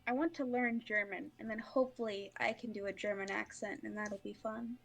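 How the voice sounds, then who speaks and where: A woman's voice: mid-range voice, fairly even intonation, fairly quick, creaky. A woman playing a tabletop game, chatting casually and telling a story with lots of "like". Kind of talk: casual chat.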